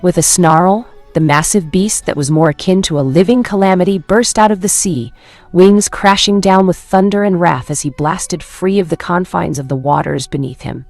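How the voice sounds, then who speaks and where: A woman narrating a fan fiction story in a steady, dramatic manner. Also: on the low side, normal speed, dry recording, soft background music.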